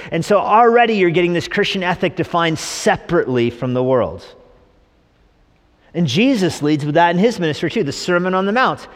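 Middle-aged guy pastor giving a sermon, jokey and lively, does little mock voices, echoey church hall. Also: sits high, brisk. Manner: humorous, animated preaching with mock voices. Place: church sanctuary.

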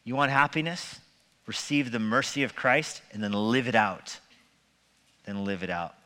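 Male pastor, sermon, conversational with humor, bright voice, long church reverb. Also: medium pitch, unhurried. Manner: conversational preaching with humor and rhetorical questions. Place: church sanctuary.

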